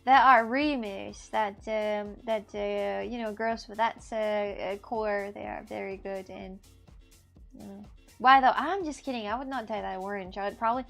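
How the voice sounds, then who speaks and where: A woman's voice: mid-range voice, fairly even intonation, normal speed, gravelly, faint music behind. A woman live streamer chatting casually with her audience in a playful, joking manner.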